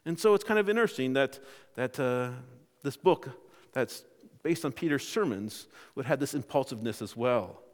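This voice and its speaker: A man preaching a sermon in a conversational, animated way, often restarting his phrases. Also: medium pitch, normal speed, long reverb tail. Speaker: pastor.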